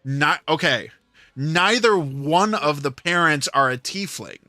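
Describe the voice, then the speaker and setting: A man's voice: on the high side, expressive, slow, sharp tone, no room sound, clean studio sound. A man hosting a livestream, telling a rambling story in casual chat with plenty of filler words. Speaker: livestream host.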